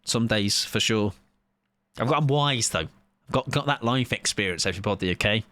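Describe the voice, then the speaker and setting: A man's voice: fairly low pitch, normal speed, sharp tone, no echo. A British man in his thirties, a game streamer chatting casually and joking with his lobby while he plays. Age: 30s. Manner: chatty, joking, rambling with fillers. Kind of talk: casual chat while gaming.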